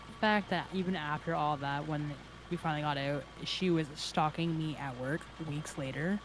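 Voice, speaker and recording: A woman joining a casual chat, adding quick, wry asides. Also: sits low, steady tone, noisy background. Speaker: streamer's friend joining the chat.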